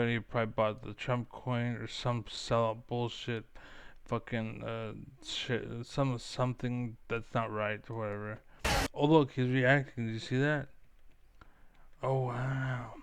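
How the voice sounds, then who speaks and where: A man's voice: mid-range voice, clean tone, no room sound. A man streaming a game, ranting in a rambling, profane way as he comments on the play. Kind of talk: live-stream gaming commentary.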